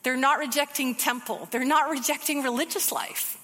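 A woman giving a casual, conversational sermon, teaching from a book of the Bible with quick asides. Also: high voice, fairly even intonation, pushed and bright, big-room sound.

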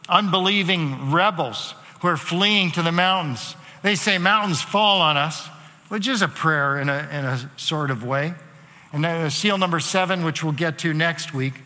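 Pastor guy preaching, bright voice, kinda high, big hall echo. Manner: conversational preaching with rising emphatic repeats. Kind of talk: sermon. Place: church hall. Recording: long reverb of a large hall.

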